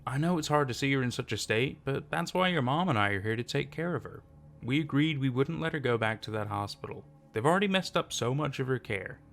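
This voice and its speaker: A calm middle-aged uncle, reassuring and gentle, in a storybook horror tale, read by a male narrator. His voice is a plain middle pitch with a gravelly creak. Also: a little fast, faint music behind. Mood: soothing. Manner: soothing, reassuring.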